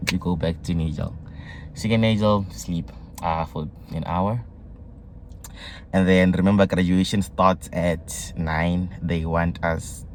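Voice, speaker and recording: A young South African man telling a story in a casual vlog, excitable and mixing slang with local words. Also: sits low, slight background noise. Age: young adult. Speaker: vlogger.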